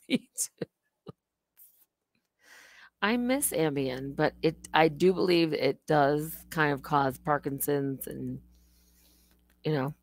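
A woman's voice: sits low, dry recording. A woman hosting a casual livestream, rambling and laughing at herself. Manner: rambling, self-mocking, laughs often. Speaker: livestream host.

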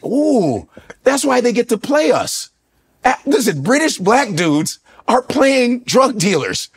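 Middle-aged comedian guy, high voice that swings all over, cussing and riffing on a podcast. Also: big pitch swings, a little slow, vocal fry, breathy edge. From United States. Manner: profane, loud, jumps into impressions. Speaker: comedian guest. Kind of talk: animated comedic storytelling. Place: podcast studio.

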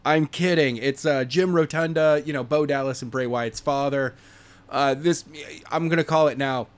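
A man's voice: on the high side, clean tone. Joking man co-hosting a wrestling podcast. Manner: jokey, animated, quick asides. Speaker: podcast co-host. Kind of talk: casual wrestling podcast chat.

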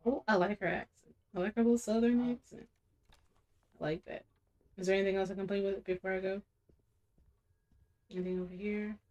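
A woman's voice: mid-range voice, fairly even intonation, brisk, long pauses, a little mellow. A woman streamer giving casual, chatty commentary while playing a video game. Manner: chatty, talks to viewers. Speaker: gaming streamer.

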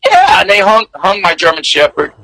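A man, a guest telling stories in a candid, animated way. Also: sits high, normal speed, no room sound, poor audio. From American South. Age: 60s. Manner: animated, candid, laughs between memories. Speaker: interview guest. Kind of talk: storytelling in casual interview.

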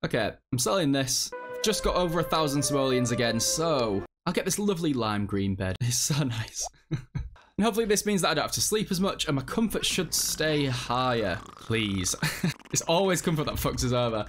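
A man's voice: mid-range voice, sing-song, moderate pace, faint music behind. A man giving casual, self-mocking commentary over a video game, with a non-American English accent. He swears freely and laughs often. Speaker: let's play host.

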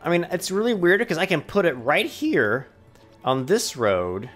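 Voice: mid-range voice, sing-song, measured pace, fairly bright tone, soft background music. A let's play host doing gaming commentary, ranting at the game and talking to it as if it were a person.

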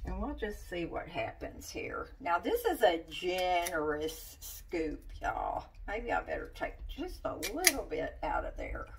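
A woman's voice: fairly low pitch, wildly swooping pitch, measured pace, few pauses, distant mic, noisy background. Chatty woman cooking at home. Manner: chatty, folksy, talks straight to viewers. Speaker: cooking vlogger. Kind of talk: casual cooking demonstration. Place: home kitchen.

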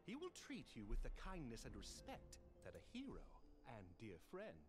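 A gallant, courtly noble knight. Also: male voice, mid-range voice, huge pitch swings, moderate pace. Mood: courteous. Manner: formal courtly speech. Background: game music.

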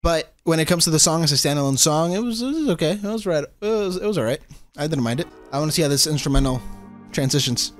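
A man giving casual, excitable commentary while reacting to an album, often repeating himself and saying "bro.". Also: on the high side, fast. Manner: excitable, repeats phrases, calls listener bro. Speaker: music reaction host. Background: faint hip hop music.

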